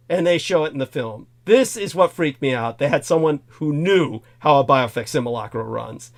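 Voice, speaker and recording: A man's voice: on the high side, lively intonation, normal speed, vocal fry, few pauses. A man hosting a casual talk show, rambling through a film discussion with many fillers and restarts. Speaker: host.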